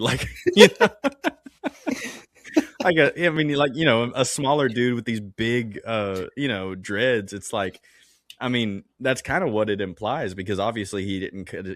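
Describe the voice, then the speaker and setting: A man's voice: on the low side, fairly bright tone, dry recording, studio quality. A man co-hosting a casual Bible-study podcast. He rambles, stops to restart his sentences, and breaks into laughter often. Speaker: podcast co-host.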